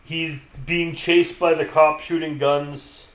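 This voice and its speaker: A man's voice: a little high, level tone, slow pace, a bit bright. A young man co-hosting a podcast, joking with a swear here and there while recapping a film, often restarting his sentences. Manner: profane, jokey, stumbles and restarts. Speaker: podcast co-host. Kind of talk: casual movie-review chat. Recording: echoey room.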